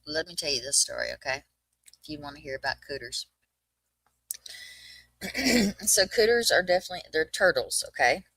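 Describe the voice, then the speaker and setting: A woman's voice: low voice, animated, moderate pace, long pauses, fairly bright tone, dry recording, rough recording. A middle-aged woman with a Southern US accent, chatting on a livestream and telling a funny story with lots of laughter. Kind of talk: casual chat, storytelling.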